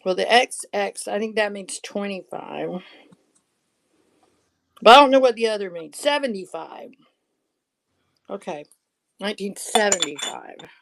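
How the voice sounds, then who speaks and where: A woman's voice: mid-range voice, expressive, measured pace, creaky, pauses often, low-quality recording. A woman hosting a live sale. She chats casually, laughs often and shows items one by one.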